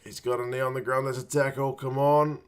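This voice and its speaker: A man in his thirties hosts a live watch-along from home, muttering reactions as casual commentary and urging the players on. His mid-range voice is level, brisk, clear and resonant.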